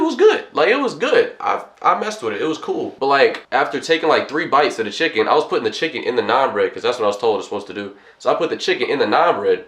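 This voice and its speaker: A young man recounts a misadventure in a loose, rambling way and acts out both sides of each conversation. His voice sits at an everyday middle pitch. The room around him sounds echoey. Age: young adult. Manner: rambling, animated retelling with quoted dialogue. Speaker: college vlogger. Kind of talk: casual storytime.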